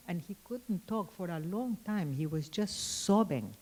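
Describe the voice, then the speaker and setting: A woman giving a conference keynote lecture, telling anecdotes in a thoughtful way with frequent pauses and restarts. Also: on the low side, expressive, a little mellow, low-quality recording. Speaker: keynote speaker.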